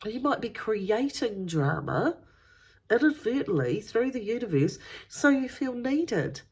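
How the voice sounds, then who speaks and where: A woman's voice: a little high, big pitch swings, a little slow, a little mellow, breathy edge. A middle-aged woman, talking earnestly and conversationally as a spiritual medium, often repeating herself. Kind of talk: spiritual guidance talk.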